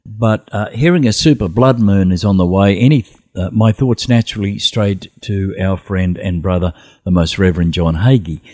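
A man's voice: deep voice, normal speed, a little mellow, dry recording, clean studio sound. A man co-hosting a casual Bible study, trading playful, joking banter.

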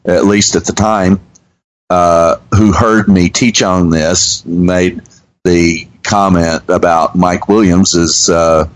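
A man, hosting a radio show and telling a story in an earnest, halting way with restarts. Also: low-pitched, fairly even intonation, slight background noise, poor audio. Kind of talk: conversational storytelling.

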